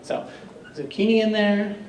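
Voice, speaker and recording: A chef with a high, unhurried, darkish voice runs a live cooking demo for an audience, chatting and joking with plenty of fillers. He's far from the mic in an echoey hall, with faint background noise.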